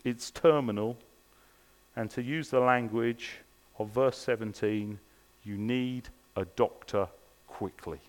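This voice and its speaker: The preacher takes it slowly in a medium-pitched voice, earnestly confronting his congregation with rhetorical question after rhetorical question. Long reverb from a large hall hangs over the recording.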